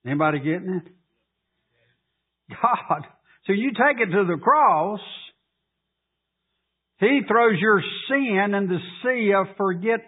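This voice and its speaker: A pastor delivering a slow, drawn-out sermon, his high voice swooping up into urgent pleas. His tone is husky and a little breathy. It comes through as a tinny, phone-like radio broadcast. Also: lively intonation.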